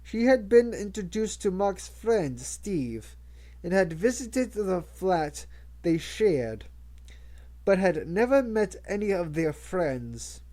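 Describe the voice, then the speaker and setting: A reader narrating a novel aloud in a measured way, with occasional stumbles and restarts. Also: mid-range voice, big pitch swings, warm tone. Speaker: audiobook reader. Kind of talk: audiobook narration.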